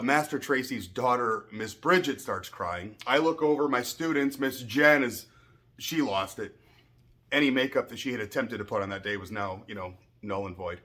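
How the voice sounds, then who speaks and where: A middle-aged man who owns a martial arts school, giving a casual personal update in a rambling, emotional way, often clearing his throat and restarting. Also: medium pitch, bright, forceful tone.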